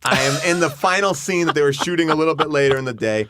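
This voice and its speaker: A man's voice: a little high, fast talker, noisy background. A man on a podcast who tells an anecdote in casual chat and acts out the voices of the people in it. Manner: animated anecdote, acting out other people's voices. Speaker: podcast guest. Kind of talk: casual storytelling.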